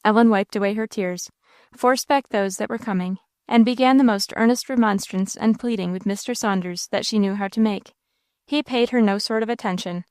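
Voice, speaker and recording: A woman narrating a classic novel in a measured, expressive reading style. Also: mid-range voice, clear, resonant tone, no room sound, clean studio sound. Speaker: audiobook narrator. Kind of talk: scripted narration.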